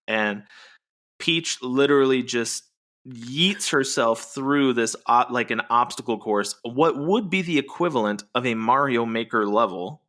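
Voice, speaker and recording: A man's voice: medium pitch, unhurried, fairly bright tone. Playful man recapping a movie. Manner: playful, recaps the plot, teasing. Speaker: podcast co-host.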